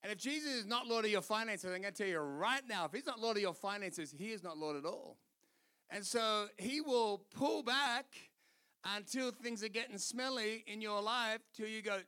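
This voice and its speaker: A man's voice: high voice, moderate pace, pushed and bright, clean tone. A middle-aged man preaching a sermon as pastor, emphatic, repeating phrases and acting out quotes.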